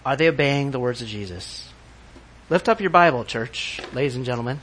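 A man's voice: mid-range voice, expressive, a little fast, a bit bright, slight background noise. A man preaching a sermon, emphatic and asking his congregation rhetorical questions. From not from the country where he preaches. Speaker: pastor.

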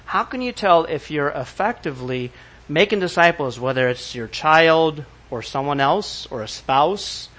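A man's voice: on the high side, fairly bright tone. A man preaching a sermon, emphatic and asking his congregation rhetorical questions. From not from the country where he preaches. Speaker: pastor.

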